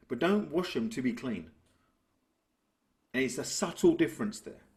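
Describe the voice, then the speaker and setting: A man, a business coach talking through ideas and telling stories in a relaxed interview. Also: medium pitch. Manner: reflective, tells stories to make a point. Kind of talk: conversational interview.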